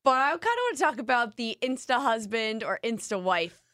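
A woman's voice: on the high side, expressive, fairly bright tone, no echo, clean studio sound. A woman hosting a casual podcast, talking bluntly and teasing her guest in a playful way. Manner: blunt, playful, quick to tease. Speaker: podcast host.

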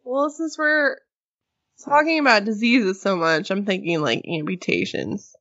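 In casual podcast chat, this female co-host spins lively stories, voicing quotes herself and letting out gasps. She talks unhurriedly in a mid-range voice, and the recording has its highs cut off.

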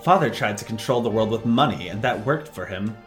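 A man's voice: lowish voice, animated, soft background music, pitched below the performer's own voice, lightly acted. A man doing a smug, cold young tycoon. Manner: smug, slow speechifying. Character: cold arrogant young male company president.

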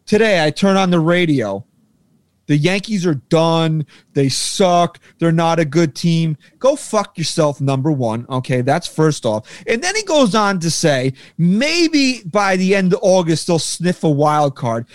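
A man's voice: a little high, animated, unhurried, no echo, clean studio sound. A man co-hosting a sports podcast, ranting heatedly and with lots of profanity. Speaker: podcast co-host. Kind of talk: heated casual sports talk.

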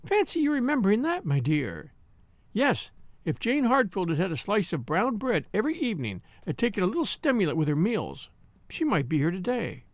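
A man's voice: high-pitched, huge pitch swings, brisk, dry recording, voice pushed up, heavily acted. A man voicing a very old, gossipy spinster who talks bluntly and boasts of outliving her friend. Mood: smug. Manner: triumphant, blunt and doubtful by turns.

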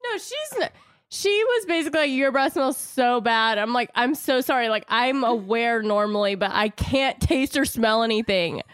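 A woman's voice: fairly high pitch, lively intonation, fairly bright tone, clean tone, dry recording, studio quality. A woman co-hosting a podcast in casual chat, rambling and restarting her sentences, often breaking into laughter. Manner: rambling, self-interrupting, quick to laugh. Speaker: podcast co-host.

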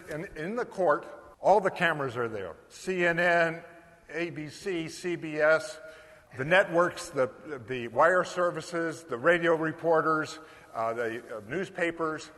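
An older American man telling a lively anecdote to an audience, acting out the dialogue. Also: fairly high pitch. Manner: animated, acts out quoted dialogue. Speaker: storyteller speaker. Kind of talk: anecdotal storytelling talk. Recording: long hall reverb.

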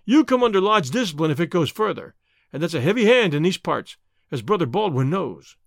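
A man voicing a huge, domineering lodge boss with a booming, bluff manner. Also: very animated, brisk, creaky, no echo, clean studio sound. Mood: commanding.

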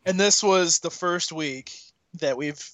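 A man's voice: a little high, slow, a bit bright, dry recording. A man hosting a podcast in a playful, teasing way, steering the talk between segments. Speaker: podcast host. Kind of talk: casual podcast chat.

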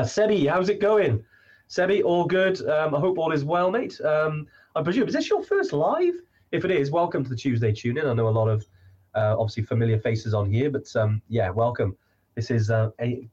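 A man's voice: medium pitch, a little mellow, husky, highs cut off. A man hosting a casual live stream, chatting with many fillers and restarts.

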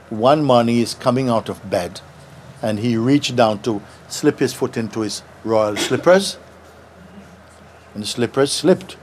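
A man teaching at a satsang, speaking gently and playfully and laughing as he tells a story. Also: mid-range voice, a little hiss or hum. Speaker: spiritual teacher.

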